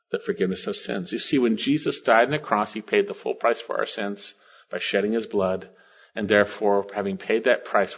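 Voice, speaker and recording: A man's voice: fairly low pitch, muffled recording. An older man preaching a sermon, working through scripture verses and Greek word meanings with bursts of enthusiasm. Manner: expository preaching, quoting scripture and Greek words, with sudden swells of enthusiasm. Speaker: pastor.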